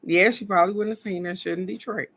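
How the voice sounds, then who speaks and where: A middle-aged woman giving a casual motivational talk, animated and earnest, moving between excited bursts and soft encouragement. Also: medium pitch, quick pace. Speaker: spiritual card reader and vlog host.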